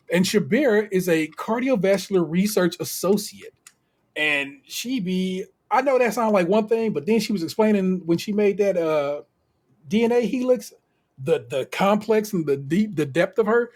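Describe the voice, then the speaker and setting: A man from the United States co-hosting a podcast. He recaps a TV show in a casual, animated, slangy way and laughs often. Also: high voice. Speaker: podcast co-host.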